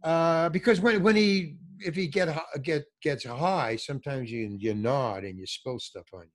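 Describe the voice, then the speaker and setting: An older man telling a comic story in casual chat, acting out the people in it with big jumps in his voice. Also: normal speed. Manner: animated, acts out quotes with big pitch jumps. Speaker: comedian guest telling stories.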